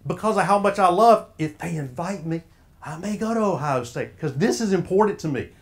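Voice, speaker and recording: A man's voice: high voice, lively intonation, a little fast. A man with a Southern US accent giving a folksy, preacher-like motivational talk to a room of sports officials and quizzing the audience as he goes. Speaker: speaker at an officials' association.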